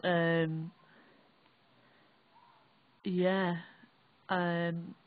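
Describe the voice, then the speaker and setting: A young woman with a Northern English accent, recalling an experience in a halting, rambling, sweary way. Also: fairly low pitch, little pitch movement. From England. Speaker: vlogger. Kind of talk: casual first-person recollection. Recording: dry, tinny phone-like audio.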